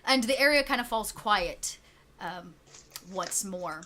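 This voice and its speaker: Woman running a tabletop game, chatty storyteller, bright tone. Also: medium pitch, lively intonation, takes it slowly, slight background noise. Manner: chatty, laughs often, many fillers. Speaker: game master.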